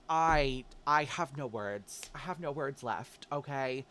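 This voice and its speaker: A man's voice: medium pitch, slow, hardly any pauses, pushed and bright, slight background noise. A man giving a casual, upbeat tarot reading, encouraging the listener and calling them babe. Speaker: tarot reader.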